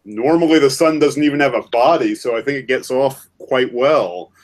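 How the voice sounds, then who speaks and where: A man chatting casually on a video call, halting and restarting with many "uh"s. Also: mid-range voice. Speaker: artist in an online drawing group. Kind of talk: casual chat while drawing. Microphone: video call mic.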